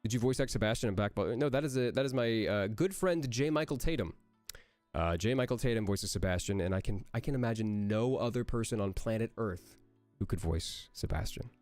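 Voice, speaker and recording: A male voice actor fields chat questions on a casual livestream. He talks in a fairly low voice and rambles with lots of energy, bouncing between jokes and gushing praise, while faint music plays underneath. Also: animated, brisk, a little mellow, dry recording.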